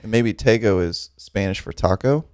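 A man's voice: lowish voice, moderate pace, darkish tone, no echo, studio quality. A man co-hosting a podcast, chatting casually and tossing in playful joking asides. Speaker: podcast co-host. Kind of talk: casual chat.

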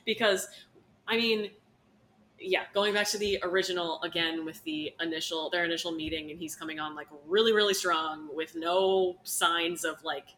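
A woman's voice: on the low side, fairly even intonation, normal speed, fairly bright tone, low-quality recording. A woman co-hosting a casual film chat, chatty with many fillers, with faint background noise. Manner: chatty, filler-heavy, laughs often. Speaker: podcast co-host.

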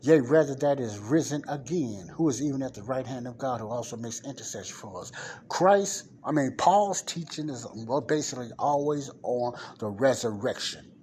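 A man delivers a Bible teaching at a middle pitch, reading verses aloud and then breaking them down. He keeps checking in with his listeners as he explains. A faint hiss sits under the recording. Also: a little fast, few pauses, mellow.

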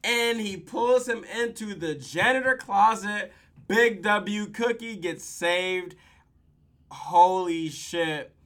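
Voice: medium pitch, slow, fairly bright tone. A podcast host recapping a TV episode in casual, profane slang, telling the story with laughs.

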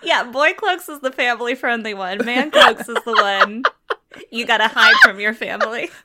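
A woman's voice: fairly high pitch, lively intonation, normal speed, very noisy. A woman co-hosting a podcast in casual chat, playful and laughing often. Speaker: podcast co-host.

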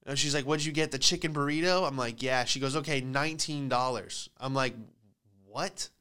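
Smooth-voiced man telling comic stories. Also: medium pitch, moderate pace. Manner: animated storytelling with put-on voices for quoted people. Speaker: comedian podcast host. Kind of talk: casual comedic monologue.

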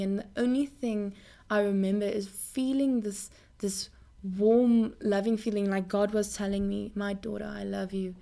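A young woman speaking earnestly in a Christian faith talk to her viewers, often repeating words as she goes. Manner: animated pitch jumps.

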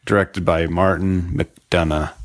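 A man with a very low voice hosts a casual movie-review podcast. He is chatty and jokey and keeps slipping in quick asides. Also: flat delivery. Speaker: podcast host.

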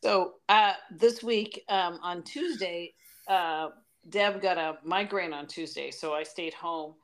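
A woman in her forties telling family stories in a casual podcast chat, animated and warm-humored. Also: lowish voice, slow. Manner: storytelling, animated. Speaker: podcast co-host.

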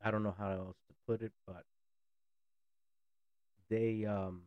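A man's voice: on the low side, flat delivery, slow pace, clear, resonant tone, no room sound, highs cut off. A man in a blunt, sarcastic ranting monologue who swears freely. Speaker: political commentator.

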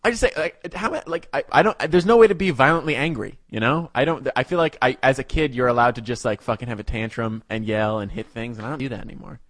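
A man's voice: medium pitch, fast, few pauses, fairly bright tone. A man co-hosting a podcast, bantering casually and making crude jokes. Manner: crude jokes, laughs often. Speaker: podcast co-host.

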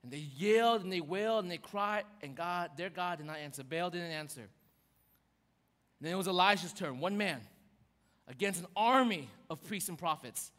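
High-pitched guy preaching, animated storyteller, big echoey hall. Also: normal speed. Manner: animated storytelling with acted quotes. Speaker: pastor. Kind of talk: sermon. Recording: long hall reverb.

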